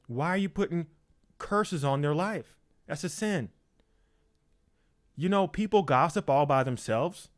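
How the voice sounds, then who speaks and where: Slow, emphatic man preaching. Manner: emphatic, repeats lines, acts out quoted excuses in a higher voice. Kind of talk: informal sermon.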